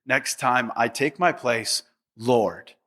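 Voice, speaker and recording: A man's voice: mid-range voice, slow pace, fairly bright tone, voice pushed down. A man preaching a sermon voices a sheepish male disciple who vows to do better, in an earnest, self-scolding tone. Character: sheepish male disciple rehearsing a humble apology.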